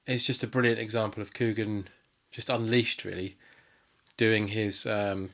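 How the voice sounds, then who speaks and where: A man's voice: lowish voice, little pitch movement, measured pace, fairly bright tone. A man chatting as a podcast guest, enthusiastic and rambling, with lots of fillers and restarts. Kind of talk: casual chat.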